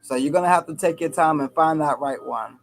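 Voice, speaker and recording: A man chats on a live spiritual stream, his voice sitting a touch high. He teases the audience in a playful, joking way and laughs often. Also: a little fast, creaky, soft background music. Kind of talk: casual chat.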